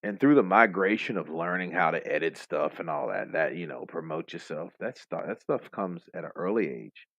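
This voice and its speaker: Male boxing commentary host, excitable, profane, dull lo-fi audio, dry sound. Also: low voice, moderate pace, hardly any pauses, dry recording. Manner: excitable, profane, joking banter. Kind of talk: live stream fight commentary.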